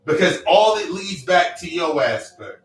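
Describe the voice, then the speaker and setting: A man's voice: a little high, lively intonation, measured pace. A man giving a blunt, profane motivational monologue, hammering his points with repeated phrases. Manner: blunt, profane, repetitive preaching cadence. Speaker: self-help speaker. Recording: echoey room, distant mic, faint music.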